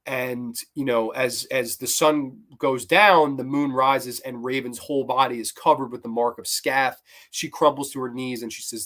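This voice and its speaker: A man with a medium-pitched, steady, fairly bright voice talks at normal speed with hardly any pauses. He hosts a casual cartoon review show, ranking episodes in a rambling, enthusiastic way and quoting scenes in loose voices.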